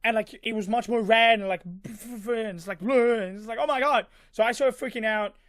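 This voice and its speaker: A man with a high voice tells a story in a loose, rambling way, full of fillers and small sound effects. He is recorded close and dry, with no room sound. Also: steady tone, moderate pace, a bit bright, no echo. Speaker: vlogger. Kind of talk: casual storytelling.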